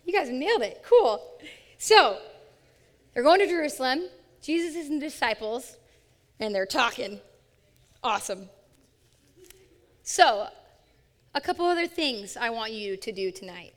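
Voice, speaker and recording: A woman with a fairly high voice leads a sermon before a live audience. She is upbeat and playful, coaxing listeners to join in. Her words trail off in the long reverb of a large hall. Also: a bit bright. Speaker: young adult ministry speaker. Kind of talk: interactive sermon.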